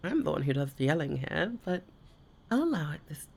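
A woman performing a one-sided audio role-play, swearing freely, often dropping to a hushed whisper and stammering through restarts when flustered. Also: low voice, sing-song, a little fast, creaky, breathy edge.

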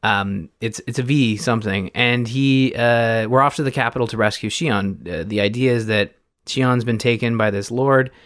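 A man's voice: mid-range voice, moderate pace, a bit bright, no room sound. Guy on a podcast rambling about a game, average voice, dead dry room, lots of uh and um. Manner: rambling, many fillers and restarts. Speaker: podcast host. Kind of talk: casual game recap.

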